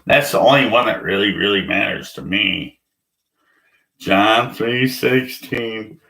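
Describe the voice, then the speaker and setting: An atheist vlogger delivers a blunt, profane, rambling rant packed with fillers. His mid-range voice sounds pushed and bright, recorded in an echoey room.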